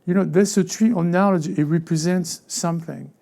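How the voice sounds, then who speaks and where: A man's voice: high-pitched, steady tone, normal speed, gravelly, warm tone. A man preaching as lead pastor in a conversational sermon, with frequent stammered restarts and repeated words. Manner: conversational preaching, acting out everyday voices.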